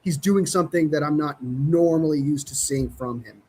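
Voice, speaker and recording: A man's voice: a little high, moderate pace, mellow, a little hiss or hum. A man in casual sports podcast chat, laid-back and chuckling, often saying "dude".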